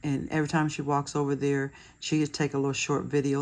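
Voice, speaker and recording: A woman's voice: low voice, little pitch movement, a little fast, hardly any pauses, a little mellow. A woman chatting casually while decorating her planner, laughing at herself with self-deprecating humor. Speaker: planner vlogger.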